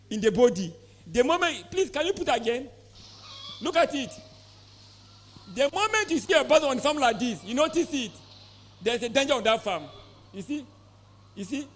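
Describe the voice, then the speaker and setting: A man with a very high, slightly bright voice and a Nigerian English accent delivers an emphatic talk to poultry farmers in a conference hall. The poultry expert frequently quizzes his audience, repeating questions back at them.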